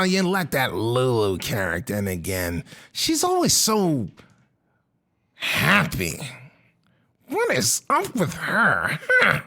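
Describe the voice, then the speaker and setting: Squeaky, babbling henchman, nervous and repetitive. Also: pushed and bright, exaggerated voice. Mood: flustered. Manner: flustered, rambling, repeats himself. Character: jittery chatty male henchman.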